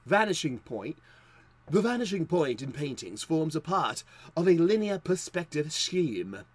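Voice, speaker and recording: Guy doing his british announcer voice, formal and measured, slightly high. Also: very animated, husky, dry recording, full character voice. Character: adult male British announcer reading a glossary.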